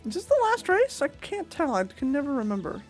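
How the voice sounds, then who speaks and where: A woman streaming a game live, excitable and giggly as she chats with viewers and greets them. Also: high-pitched, a little fast. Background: game music.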